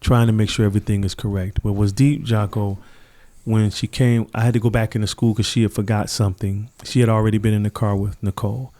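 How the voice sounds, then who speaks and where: Earnest man with a mellow, warm voice. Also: fairly low pitch, flat delivery, quick pace. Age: middle-aged. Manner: earnest, reflective, acts out quoted people. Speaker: podcast guest. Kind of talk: conversational interview storytelling.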